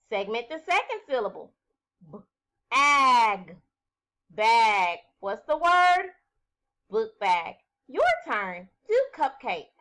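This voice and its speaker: A woman teacher giving a recorded phonics lesson to young children, speaking slowly and clearly, sounding out words and praising her class. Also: on the high side, a bit bright.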